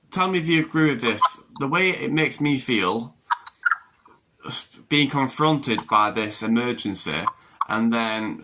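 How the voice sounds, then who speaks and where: A man's voice: mid-range voice, pushed and bright, rough recording. A man hosting a podcast, talking animatedly and spinning out long analogies. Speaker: podcast host. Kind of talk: casual conversation.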